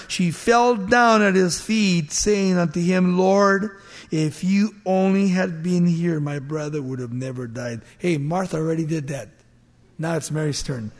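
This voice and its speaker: A man delivers a sermon in a lively, high voice, acting out the people of a scripture story and laughing along the way. His voice rings with the long echo of a large hall. He swings between loud bursts and quiet asides. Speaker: preacher.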